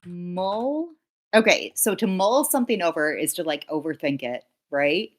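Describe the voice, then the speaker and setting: A woman's voice: fairly low pitch, expressive, unhurried. A woman in casual stream chat who laughs often, mocks herself and thinks aloud with lots of "like"s. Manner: giggly, self-mocking, thinks aloud with many "like"s.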